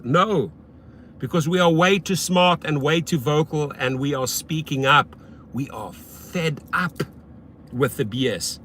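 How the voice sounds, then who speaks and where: Lively, blunt man livestreaming from his car. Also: unhurried. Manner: lively, swings between loud hype and low muttering; profane and blunt. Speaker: rideshare driver livestream host. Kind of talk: casual livestream chat.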